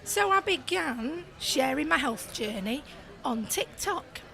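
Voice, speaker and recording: A woman's voice: high voice, expressive, slow, creaky, sharp tone. A Yorkshire woman guesting on a pub-themed podcast, chatting in a bubbly, storytelling way. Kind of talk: casual chat.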